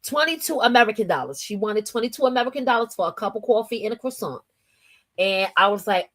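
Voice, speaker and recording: A woman's voice: medium pitch, lively intonation, fast, a bit bright. A woman from New Jersey with a New Jersey accent, hosting a casual morning livestream in a chatty, slangy way, laughing often and reading her chat aloud. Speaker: livestream host.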